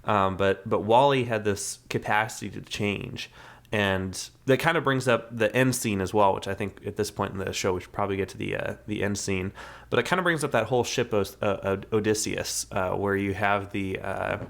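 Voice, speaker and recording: A man's voice: fairly low pitch, steady tone, normal speed, creaky. A man co-hosting a podcast, chatting casually and rambling through a movie review, often restarting his sentences. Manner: rambling, restarts, acts out characters' lines. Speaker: podcast co-host.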